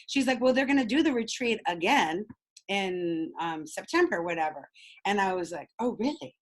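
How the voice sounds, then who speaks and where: A woman leading a group coaching call over video, bubbly and excitable, laughing often. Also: medium pitch, moderate pace, poor audio. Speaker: speaking coach.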